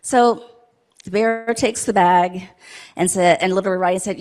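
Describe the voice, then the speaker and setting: A woman's voice: mid-range voice, fairly even intonation, moderate pace, darkish tone. A woman in a church service telling a playful story to children, asking them questions as she goes. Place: church sanctuary.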